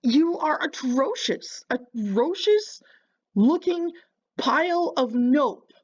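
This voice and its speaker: A woman's voice: high-pitched, animated, takes it slowly, darkish tone, highs cut off. A woman hosting a reaction video, mocking and insulting the person on screen with sarcastic commentary.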